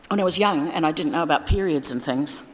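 Low-voiced woman preaching in a reverberant church. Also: fast talker, slight background noise. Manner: chatty, informal, with fillers and asides. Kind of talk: sermon.

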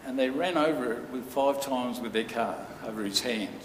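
A man preaching a sermon, telling a story earnestly with dramatic pauses. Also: mid-range voice, a little hiss or hum. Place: church hall. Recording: echoey hall from far off.

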